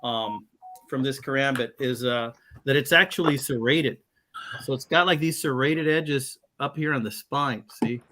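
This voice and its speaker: A man's voice: medium pitch, unhurried, bright, forceful tone, a little hiss or hum. A man from Texas chatting casually on a live video call, showing off his knives in a rambling, laid-back way with many fillers. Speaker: knife channel guest. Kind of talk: casual live-stream chat.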